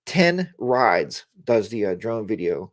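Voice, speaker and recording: A man's voice: on the low side, sing-song, takes it slowly. A man hosting a casual livestream, talking in a rambling, chatty way and greeting viewers by name, on a lapel mic in a home studio. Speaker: livestream host.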